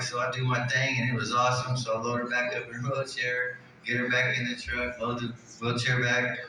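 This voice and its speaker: A man's voice: mid-range voice, completely flat delivery, moderate pace, bright, forceful tone, slight background noise. A man doing stand-up at an open mic, telling a loose, rambling story. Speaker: stand-up comedian. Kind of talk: stand-up comedy. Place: comedy club stage. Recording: echoey club room, distant mic, crowd ambience.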